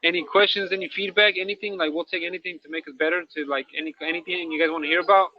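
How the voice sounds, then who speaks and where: A man with a high, steady voice talks very fast as co-host of a candid, casual talk show, rambling in slang and checking in with "right?" as he goes. He's a podcast co-host and an incarcerated dog trainer, and the recording has a dull lo-fi sound.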